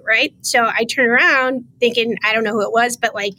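A woman's voice: on the high side, a little fast, few pauses. A woman guest on a podcast, emotional as she tells a story in conversation and acts out the quoted lines. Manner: animated, acts out quoted dialogue. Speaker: podcast guest, state official.

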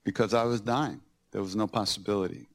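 A man's voice: lowish voice, brisk, gravelly. A man hosting a podcast, recounting personal stories and acting out the scenes with laughter. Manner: animated, acts out scenes with laughter. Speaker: podcast host.

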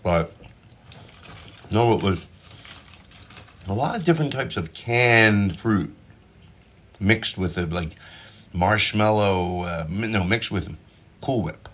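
A man's voice: on the low side, lively intonation, slow pace, pauses often, fairly bright tone. A man casually chatting about his cooking as he eats, rambling and joking in a home kitchen, recorded on a propped-up phone. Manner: rambling, self-interrupting, jokey. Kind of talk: casual food chat while cooking and eating.

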